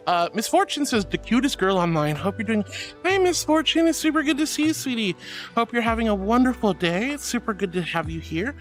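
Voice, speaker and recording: A man's voice: very high-pitched, sing-song, fairly quick, soft background music. A man streaming live, casually reading chat and showering viewers with pet names like honey and darling, playful and giggly.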